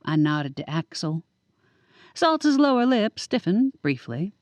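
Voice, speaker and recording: A woman narrating a first-person audiobook with wry, lively storytelling. Her voice sits a bit low. The booth recording is close and dry, with no room sound. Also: a little slow, no room sound. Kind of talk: scripted narration.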